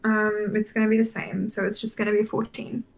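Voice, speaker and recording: A woman's voice: mid-range voice, flat delivery, fairly quick, creaky, a little hiss or hum. A woman playing in a tabletop game, speaking casually and hesitantly with "um"s. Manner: hesitant, starts with "um". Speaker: player.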